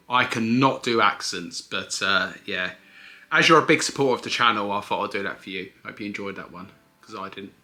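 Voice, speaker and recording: Man, casual vlogger, chatty and explanatory, very bright tone, faint music bed. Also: fairly low pitch, moderate pace. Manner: chatty, explanatory, self-correcting. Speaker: eBay reseller vlogger. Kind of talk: casual vlog answering viewer questions.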